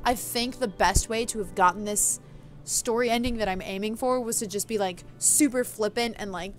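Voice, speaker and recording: A woman hosting a let's play, chatting casually and excitedly, swearing and laughing at herself. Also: medium pitch, normal speed, faint music behind. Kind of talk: casual game commentary.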